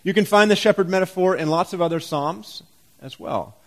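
A man's voice: high-pitched, brisk. A man pastor giving a sermon in a church, conversational and full of rhetorical questions and wry humor.

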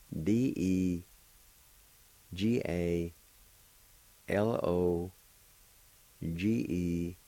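An older man with a Cherokee-speaking Oklahoma accent teaches a language lesson on radio. His voice sits very low and unhurried, and he spells and repeats each word with patient care. The sound is dry and close. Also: dark tone, no room sound.

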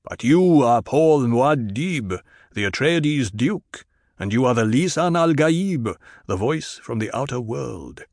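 A man voicing a stern male desert tribal leader in an audiobook reading, speaking in a formal, measured way. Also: medium pitch, lively intonation, a little mellow, no echo, studio quality. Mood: earnest.

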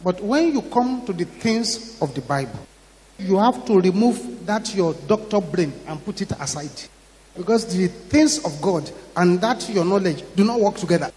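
A man with a Ghanaian English accent preaching a sermon, telling a story dramatically, acting out the voices in it and rising to shouts. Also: high-pitched, animated, moderate pace. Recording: long hall reverb.

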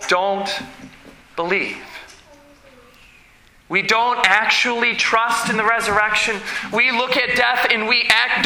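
A man preaching a sermon as pastor, slow and emphatic, with dramatic pauses. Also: very high voice, bright, forceful tone, roomy sound, slight background noise, low-quality recording.

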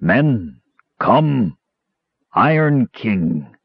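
A man voicing a huge, slow tree creature with a raspy bass voice, speaking in halting, broken words. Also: big pitch swings, dry recording, lo-fi sound, heavily acted.

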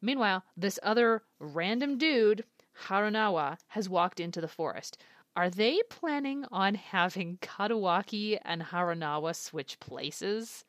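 A woman's voice: mid-range voice, lively intonation, measured pace, no room sound, clean studio sound. A woman giving casual reaction commentary on an anime episode, thinking aloud and guessing what comes next. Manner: chatty, speculative, thinking aloud.

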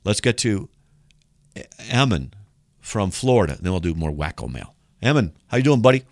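A man with a low, vocal-fry voice hosts a call-in radio show on apologetics, speaking at a normal pace with no room sound. He's animated and emphatic, arguing his point by acting out mock back-and-forth dialogues.

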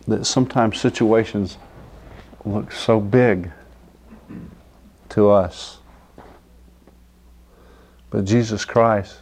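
A man's voice: fairly low pitch, a little mellow. A man preaching an informal sermon, reading scripture aloud and often asking the listeners if they understand. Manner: conversational, asks "do you understand?" often; acts out quoted figures with laughter.

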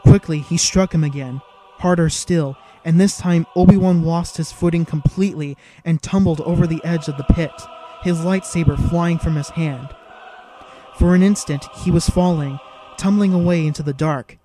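A man's voice: on the high side, normal speed, noisy background. A man giving dramatic, vivid scripted narration of an audiobook.

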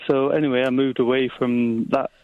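A man calling in to a late-night radio show on the phone, telling a story haltingly with many restarts. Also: mid-range voice, little pitch movement, dry recording. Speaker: caller. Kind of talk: phone-in chat. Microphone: phone line. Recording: dull phone-line audio.

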